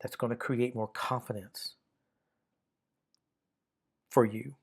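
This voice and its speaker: A middle-aged man teaching a grammar lesson in a patient, repetitive way, often restarting his sentences and filling pauses with "uh". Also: mid-range voice, steady tone, gravelly, breathy edge. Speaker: Greek teacher. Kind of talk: recorded lesson explaining grammar.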